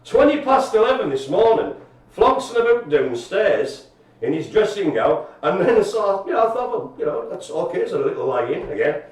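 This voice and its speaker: A man's voice: high voice, sing-song, moderate pace. A chatty, jokey man, co-hosting a casual live stream and telling stories with animation. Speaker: co-host. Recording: echoey room, far from mic.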